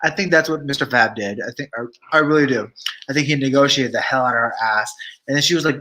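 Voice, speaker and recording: Sassy, bright-voiced man vlogging. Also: mid-range voice, quick pace. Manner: sassy, chatty, talks to live chat. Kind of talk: casual gossip commentary.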